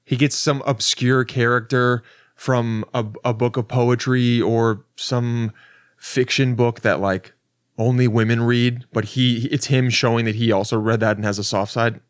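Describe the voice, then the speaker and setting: A man's voice: mid-range voice, flat delivery, unhurried, smooth, no echo. Rambling comedian man, dry close sound. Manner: rambling and self-interrupting, with frequent restarts; loose and profane, with wry asides. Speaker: podcast host and comedian. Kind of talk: casual solo podcast monologue.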